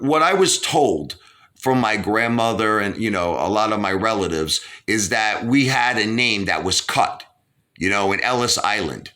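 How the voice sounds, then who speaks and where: Brooklyn guy hosting an interview, kinda low voice but bright, says you know constantly. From Brooklyn, New York. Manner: rambling, peppered with "you know". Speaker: host. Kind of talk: casual interview chat.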